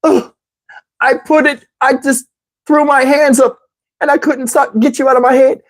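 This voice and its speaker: A man doing a high crying woman's voice. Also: little pitch movement, moderate pace. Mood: tearful pleading. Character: woman on the phone, tearful and pleading.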